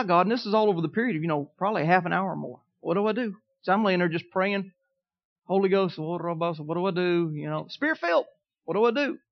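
A man's voice: high voice, dull audio. Folksy preacher man, muted sound. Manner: folksy storytelling, swings from quiet to emphatic. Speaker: pastor. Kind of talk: sermon.

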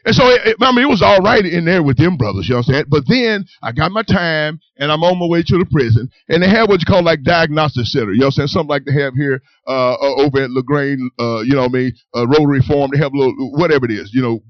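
A man telling his personal testimony to a congregation, in animated storytelling that keeps asking whether they understand. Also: on the high side, fast, hardly any pauses, no echo, lo-fi sound. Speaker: church testimony speaker.

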